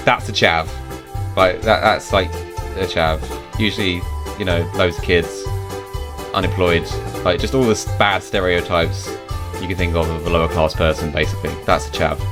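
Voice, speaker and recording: A British man hosting a podcast, chatting casually and rambling through slang explanations with plenty of fillers. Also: deep voice. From United Kingdom. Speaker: podcast host. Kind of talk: casual chat.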